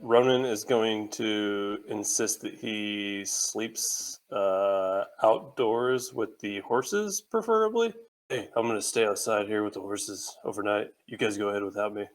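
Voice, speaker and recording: A man's voice: on the low side, a little slow, rough recording. A man playing a tabletop game, talking in an easygoing, slightly hesitant way. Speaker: player.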